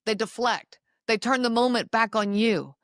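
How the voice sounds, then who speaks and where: A woman hosting a podcast, speaking slowly and emphatically to her listeners and repeating key lines. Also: a little high, dry recording, clean studio sound. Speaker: podcast host. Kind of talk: solo talk to listeners.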